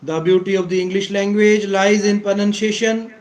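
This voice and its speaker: A man giving a deliberate English pronunciation lesson, repeating key words for emphasis and clearing his throat often. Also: sits high, level tone, poor audio. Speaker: English teacher. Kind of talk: slow explanatory lecture.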